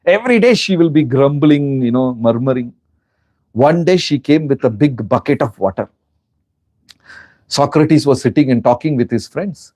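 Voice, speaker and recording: A man's voice: medium pitch, expressive, normal speed, darkish tone, dry recording. A man with an Indian accent gives a spiritual lecture, telling stories with animation and asking his listeners rhetorical questions. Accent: Indian English. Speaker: spiritual teacher.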